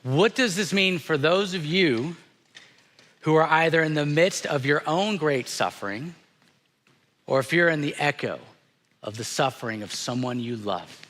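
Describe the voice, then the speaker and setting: Pastor, male, unhurried reflective sermon delivery, crisp bright tone, echoing sanctuary. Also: a little high, expressive. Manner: slow, earnest and reflective, dropping softly on hard moments. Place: church sanctuary. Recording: church sanctuary with long reverb.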